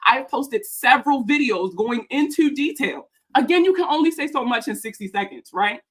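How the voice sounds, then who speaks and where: A woman's voice: high-pitched, lively intonation, moderate pace, fairly bright tone, husky. A young woman rants to camera, heated and emphatic, swearing freely. She sounds a little out of breath as she speaks. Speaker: personal finance content creator. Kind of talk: ranting reaction vlog.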